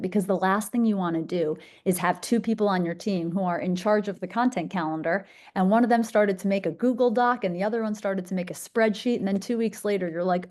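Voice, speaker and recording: Bubbly young woman teaching a class, mellow voice, chatty and eager. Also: mid-range voice. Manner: bubbly, enthusiastic, conversational. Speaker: social media speaker. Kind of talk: energetic masterclass presentation.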